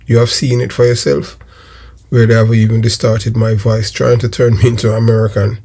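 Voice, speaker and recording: A man's voice: on the low side, little pitch movement, normal speed, dark tone, breathy edge. A man from Jamaica with a Jamaican accent hosts his own channel, giving casual crime commentary in a rambling way, repeating phrases and filling gaps with "you know" and "um". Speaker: YouTube channel host.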